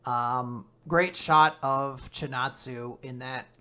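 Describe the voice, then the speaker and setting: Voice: mid-range voice, fairly even intonation, slow pace, pushed and bright. A podcast co-host reacting casually to a manga chapter, eager and profane, acting out the characters' dialogue. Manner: enthusiastic, swears casually, acts out dialogue.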